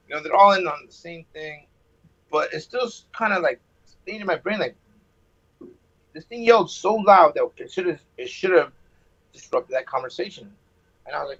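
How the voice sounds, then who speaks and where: Husky man rambling over a phone line. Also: a little high, expressive, moderate pace, pauses often, a bit bright. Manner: rambling, sarcastic, hot-tempered. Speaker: caller. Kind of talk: telling a personal story.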